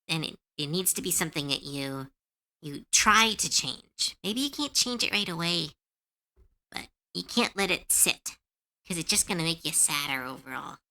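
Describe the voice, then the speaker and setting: A woman's voice: lowish voice, pushed and bright. A woman streamer chatting casually with her viewers, earnest and comforting, with lots of fillers and easy laughter. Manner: laughs easily when unsure.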